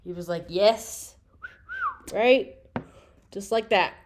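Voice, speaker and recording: A woman's voice: mid-range voice, takes it slowly, a little hiss or hum. A woman casually retelling a bible story as a series host, chatty, often checking in with "okay?" and "right?".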